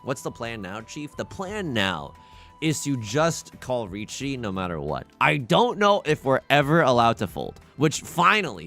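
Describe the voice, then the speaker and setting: A man commentating his online mahjong game on a live stream, swinging from mutters to shouts and laughs. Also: medium pitch. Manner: wildly swinging, shouts and cries out, laughs often.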